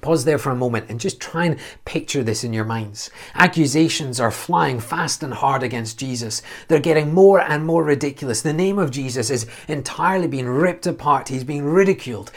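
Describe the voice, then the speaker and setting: A man's voice: mid-range voice, normal speed, few pauses. A man giving a verse-by-verse Bible teaching, earnest and explanatory, asking questions and answering them himself.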